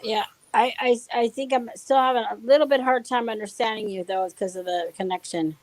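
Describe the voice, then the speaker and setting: A woman's voice: a little high, steady tone, fairly quick, poor audio. A woman in a casual live-stream chat over a video call, friendly and laughing often.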